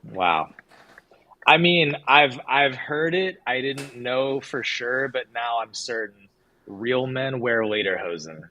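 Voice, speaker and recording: A man co-hosting a casual livestream chat, excitable and joking, often drifting onto tangents. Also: mid-range voice, takes it slowly, muffled recording. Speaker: co-host.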